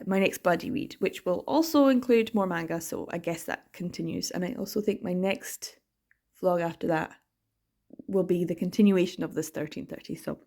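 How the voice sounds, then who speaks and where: A Scottish woman chatting casually in a reading vlog, animated and quick to laugh, with the odd swear word for emphasis. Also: lowish voice, creaky. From Scotland. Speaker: manga reading vlogger.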